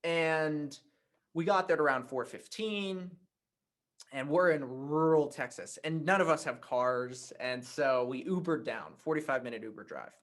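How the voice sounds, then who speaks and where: A man teaching a writing workshop, telling a personal anecdote in a conversational, animated way. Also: on the high side, unhurried. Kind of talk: workshop talk with storytelling.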